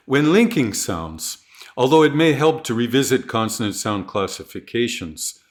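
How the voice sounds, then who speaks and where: Man, mid-pitch, scripted teacher-training narration; slows down to model example phrases clearly.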